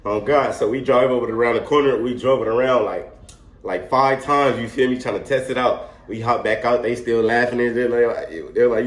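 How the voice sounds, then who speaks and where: A young man telling a wild story in a casual, animated, slangy way, laughing often. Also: mid-range voice, a little fast. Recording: echoey room.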